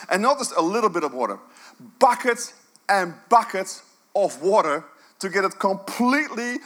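Preaching a sermon, a middle-aged man with a high voice tells the story with animation. He swings between quiet, hushed lines and loud outbursts.

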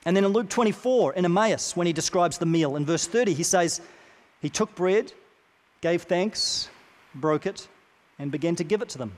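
A man preaching a sermon, earnest and deliberate, repeating key phrases with slow pauses. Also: high-pitched, expressive. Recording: long reverb of a large hall.

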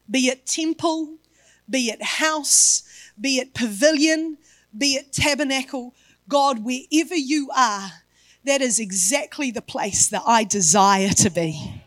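High-voiced woman preaching a sermon. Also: takes it slowly, dry recording. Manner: emphatic preaching with building repetition. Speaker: pastor.

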